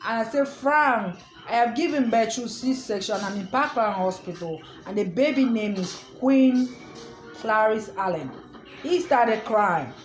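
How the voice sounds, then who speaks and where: A woman's voice: a little high, expressive, measured pace, echoey room, faint music behind. A woman vlogger emotionally recounting a personal story, emphatic and defiant, often repeating herself. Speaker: vlogger telling her own story.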